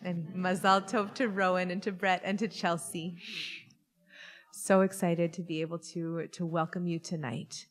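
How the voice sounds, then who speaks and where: A woman's voice: lowish voice, flat delivery, normal speed, long reverb tail. A woman rabbi leading a Shabbat service, chatty and playful as she talks with the congregation. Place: synagogue sanctuary.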